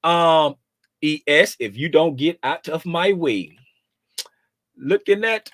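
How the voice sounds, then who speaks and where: A man's voice: on the high side, lively intonation, slow pace, long pauses, a bit bright, dry recording, studio quality. A man hosting a trading livestream, chatting casually and playfully and greeting viewers by name.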